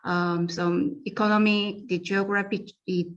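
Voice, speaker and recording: A woman with a Korean accent gives an academic conference presentation, halting often with fillers and restarts. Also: medium pitch, level tone, muffled recording. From South Korea.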